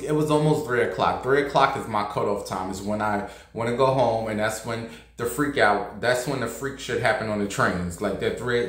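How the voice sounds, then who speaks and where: A man's voice: medium pitch, a bit bright, roomy sound. A man vlogging, telling a night-out story in a brash, profane, gossipy way. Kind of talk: casual storytelling.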